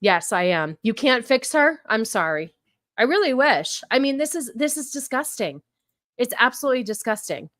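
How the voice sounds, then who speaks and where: A woman hosting a live stream, mocking the clips she plays and ranting with heavy sarcasm. Her voice sits a touch high, and the sound is dry with no room around it. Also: sing-song, a bit bright, no room sound. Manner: mocking, quick to laugh. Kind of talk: casual live-stream commentary.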